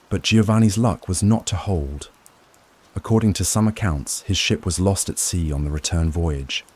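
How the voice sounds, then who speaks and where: Deep-voiced calm male sleep narrator. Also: breathy edge. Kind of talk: scripted history narration for sleep.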